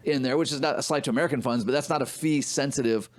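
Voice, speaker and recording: A man talks quickly and emphatically on a financial advice podcast. His pitch sits in a middle range. He keeps checking in with "right?" as he lays out his points. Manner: fast, emphatic explaining with rhetorical "right?". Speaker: podcast co-host, financial advisor. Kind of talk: casual business podcast chat.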